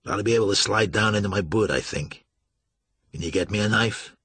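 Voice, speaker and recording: A man putting on a stubborn riverboat captain with a husky, low voice, pushing hard on his rough folksy words. He sounds loud and forceful in a storybook reading, and the recording is dry and close. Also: a little fast, no room sound. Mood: urgent. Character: gruff stubborn male riverboat captain, middle-aged.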